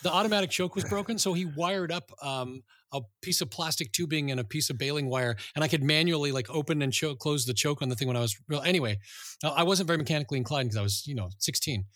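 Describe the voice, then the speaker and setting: Middle-aged man, podcast co-host, animated storyteller, dry close sound. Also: on the high side, fast, no room sound. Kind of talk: casual chat, storytelling.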